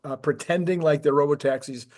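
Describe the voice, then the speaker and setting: A man's voice: a little high, fairly quick. A man co-hosting a casual tech discussion, enthusiastic and rambling, with frequent restarts. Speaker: podcast co-host.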